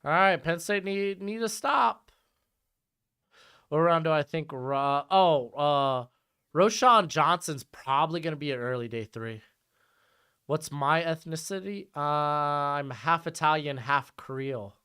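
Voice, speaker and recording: A man's voice: a little high, unhurried, bright, forceful tone, clean tone. A man live-streaming a football watch-along, chatting casually and jumping between calls on the plays and replies to his chat.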